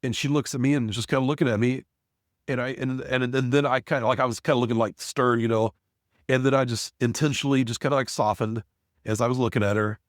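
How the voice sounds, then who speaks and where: A man's voice: medium pitch, fairly even intonation, fast, dry recording, clean studio sound. Rambling middle-aged man telling a story. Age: 40s. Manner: rambling, frequent restarts and fillers. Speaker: podcast guest, business owner. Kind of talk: casual storytelling.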